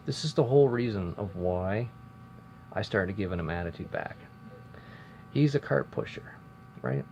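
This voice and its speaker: Gravelly low-voiced man telling a story. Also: expressive, moderate pace, pauses often, a little mellow. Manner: rambling, chatty, self-interrupting. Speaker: vlogger. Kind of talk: casual storytelling vlog. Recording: dull lo-fi sound with faint noise.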